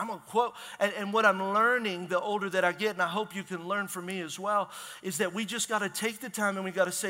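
A man preaching as a pastor in a church, energetic and conversational, asking the congregation questions. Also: high-pitched, brisk. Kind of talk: sermon. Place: church sanctuary. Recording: long hall reverb.

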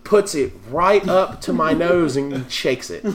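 A man's voice: a little high, lively intonation, slow, crowd noise. A man telling a crude, profane story to friends, often laughing as he talks. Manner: profane, laughing through his own story. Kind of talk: casual storytelling among friends.

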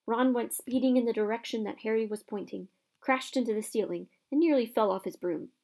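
A woman narrating a children's fantasy novel aloud with expressive, lively storytelling. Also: fairly high pitch, fairly quick.

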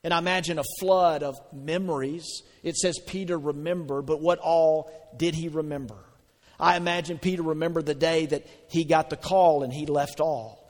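Male pastor, slightly high voice, chatty sermon delivery with questions to the room, long hall reverb. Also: fairly even intonation, moderate pace, a little mellow. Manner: conversational preaching with questions to the congregation.

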